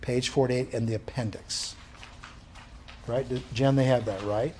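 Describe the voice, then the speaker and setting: A man's voice: medium pitch, steady tone, a little slow, warm tone, slight background noise. A male instructor giving a live classroom lecture, quizzing the room with questions and answering them himself.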